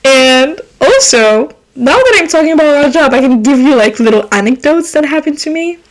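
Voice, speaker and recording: A young woman hosting her own podcast, whose first language is French, telling rambling, animated stories full of swearing and laughter. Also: sits high, normal speed, poor audio. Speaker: podcast host. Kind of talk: casual storytelling monologue.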